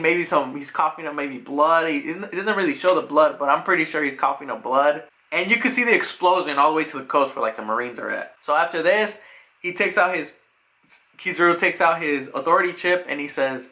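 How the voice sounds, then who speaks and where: Animated man with a bright voice. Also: a little high, normal speed. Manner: animated retelling that acts out scenes. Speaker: YouTube manga reviewer. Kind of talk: casual chat.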